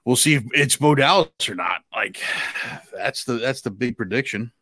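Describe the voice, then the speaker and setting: A man's voice: mid-range voice, animated, moderate pace, pushed and bright, breathy edge, dry recording, clean studio sound. A man hosting a casual podcast over a video call, laughing often and putting questions to his guests. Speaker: podcast host. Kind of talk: casual chat.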